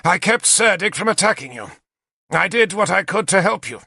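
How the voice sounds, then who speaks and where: A man voicing a proud, excitable adult male knight-king in an audiobook, eager and later stiff and acid. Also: high-pitched, moderate pace, gravelly, no room sound, studio quality, pitched above the performer's own voice, full character voice. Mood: stiffly offended. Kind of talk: audiobook character voice.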